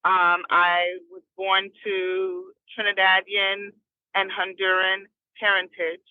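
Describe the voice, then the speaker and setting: Woman guest, recording artist, chatty and quick to laugh; phone-line sound, dry. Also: mid-range voice, monotone, no echo. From New Jersey. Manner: chatty, laughs often between stories. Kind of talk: casual storytelling interview.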